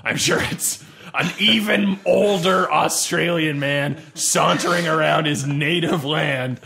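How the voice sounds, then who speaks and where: A man hosts a loose comedy chat, needling his guests with sarcasm and laughing along. His voice is gravelly, with a bright, forceful edge. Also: fairly high pitch, slow. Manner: teasing, sarcastic, laughs often. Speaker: host.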